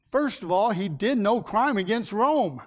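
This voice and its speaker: A man's voice: sits high, lively intonation, unhurried. A man teaching a Sunday Bible class in a folksy way, asking his listeners questions and acting out the people in the story.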